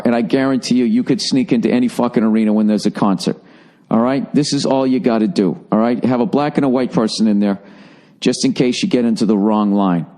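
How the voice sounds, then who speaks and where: A man's voice: medium pitch, mellow. A man hosting a solo podcast, telling a rambling story full of profanity and self-mocking asides. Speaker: podcast host.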